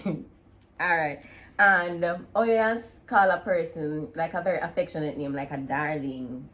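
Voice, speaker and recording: A woman's voice: low-pitched, unhurried. Laughing Jamaican woman chatting in patois. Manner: relaxed, laughs often, slips into patois. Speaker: vlog host. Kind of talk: casual chat comparing dialects.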